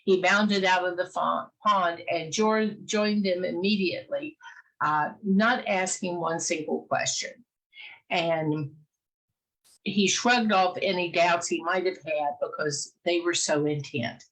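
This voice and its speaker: A woman telling a children's fairy tale in a casual, gentle way, pausing often with "uh". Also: lowish voice, low-quality recording. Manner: gentle, many "uh" pauses. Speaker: storyteller. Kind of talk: casual storytelling, reading a fairy tale aloud.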